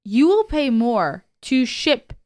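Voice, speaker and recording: A woman's voice: fairly high pitch, big pitch swings, takes it slowly, a little mellow, no room sound, clean studio sound. A woman co-hosting a podcast in casual chat, blunt, teasing and profane. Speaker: podcast co-host. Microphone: studio microphone.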